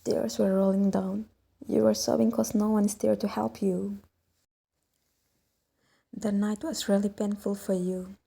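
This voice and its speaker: A woman narrates a sad story in the second person, her voice very dark and mellow with a steady gravelly fry. She reads on a flat, even line, slow and soft, now and then falling into a whisper. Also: mid-range voice. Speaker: fan fiction narrator.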